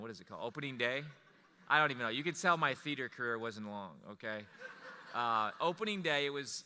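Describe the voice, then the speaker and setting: A man telling a personal story to an audience, animated and rambling, with restarts. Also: medium pitch, smooth, in a large hall. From Wisconsin.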